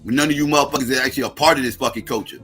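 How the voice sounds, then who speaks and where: A man's voice: medium pitch, very fast, fairly bright tone, soft background music. A middle-aged American man hosting a livestream, ranting in a heated, profane, combative way. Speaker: livestream host.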